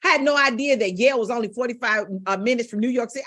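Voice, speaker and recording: A woman's voice: fairly high pitch, racing, a bit bright. A middle-aged woman vocal coach, teaching with emotion and repeating phrases for emphasis. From Gary, Indiana, USA.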